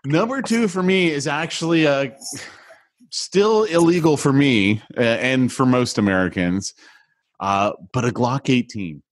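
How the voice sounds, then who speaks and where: A man co-hosting a podcast in casual chat, relaxed and rambling with many hesitations. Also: mid-range voice, unhurried, no room sound. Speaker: podcast co-host.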